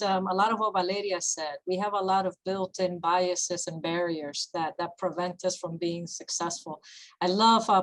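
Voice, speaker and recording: Energetic woman moderating a panel. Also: fairly low pitch, rough recording. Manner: energetic, direct, bilingual asides. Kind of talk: panel discussion.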